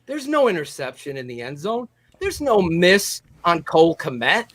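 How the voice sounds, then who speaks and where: Male co-host, fiery profane ranter, high bright voice, on a video call. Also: very animated, normal speed. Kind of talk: post-game rant on a live show.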